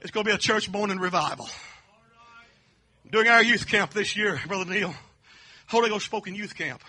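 A man preaching a fervent holiness sermon in folksy dialect, swinging from hushed asides to shouts. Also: sits high, normal speed.

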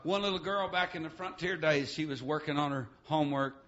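Shouting preacher with "amen" fillers. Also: male voice, a little high, brisk, muffled recording. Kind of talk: revival sermon. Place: church.

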